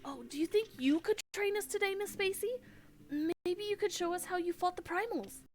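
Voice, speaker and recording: A woman's voice: very high-pitched, moderate pace, a little mellow, voice pushed up. A woman voicing an eager young child adventurer from a fantasy game, chirpy and earnest.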